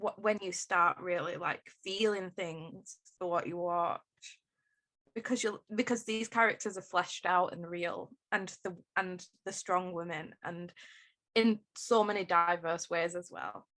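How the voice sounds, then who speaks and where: A woman co-hosting a podcast, talking in a chatty, enthusiastic way with quick laughs. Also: on the low side, fairly even intonation, fairly bright tone. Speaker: podcast co-host. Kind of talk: casual chat.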